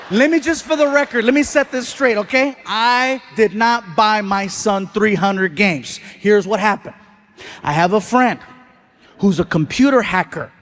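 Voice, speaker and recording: A man telling stand-up stories in an animated way, acting out the people in them, on stage at a live show. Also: high voice, long reverb tail. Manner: animated, acts out voices, jokes at his own expense. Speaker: stand-up comedian. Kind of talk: stand-up storytelling.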